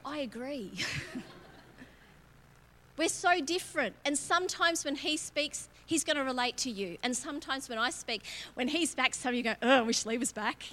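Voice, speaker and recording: Bright-voiced woman preaching. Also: high-pitched, normal speed, a little hiss or hum. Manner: candid, self-mocking, laughs often. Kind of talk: conversational sermon. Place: church auditorium.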